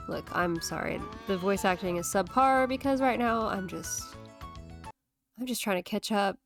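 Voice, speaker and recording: A woman's voice: mid-range voice, normal speed. Rambling woman over game music. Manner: rambling, self-correcting, laughs at herself. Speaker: gaming channel host. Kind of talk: casual let's-play commentary.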